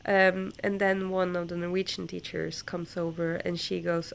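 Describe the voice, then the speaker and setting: A young woman vlogger with a stuffy, congested nose tells a casual story. Her low voice carries a gravelly fry, and she rambles along with plenty of fillers and restarts. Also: little pitch movement, normal speed, few pauses, a little hiss or hum. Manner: chatty, rambling, with many fillers and self-corrections. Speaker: book vlogger.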